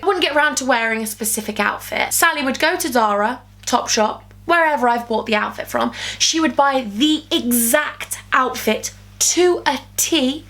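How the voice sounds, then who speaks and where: Chatty high-voiced young woman vlogger. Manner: animated, gossipy, jumps to high squeals when quoting. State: sore throat. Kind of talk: storytime vlog. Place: her bedroom.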